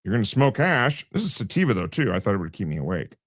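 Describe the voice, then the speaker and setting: Brief: male streamer, lively pitch, dry close sound, crude and mocking. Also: fast, no room sound. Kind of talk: late-night reaction commentary.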